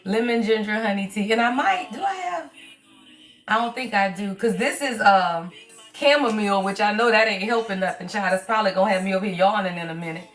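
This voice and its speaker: A woman, hosting a casual live stream as a tarot reader, her voice strained and hoarse, chatty and playful with her viewers. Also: medium pitch, quick pace, soft background music, low-quality recording.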